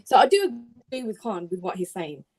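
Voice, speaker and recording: A woman's voice: on the high side, very animated, fairly quick, poor audio. A woman hosting a heated panel debate, talking bluntly and swearing. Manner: blunt, swears, mocks in put-on voices.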